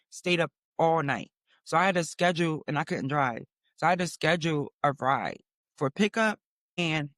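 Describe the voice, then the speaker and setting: High-voiced man telling a profane story. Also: no room sound, clean studio sound. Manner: animated, profane, dramatic storytelling. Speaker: podcast host. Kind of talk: storytelling monologue.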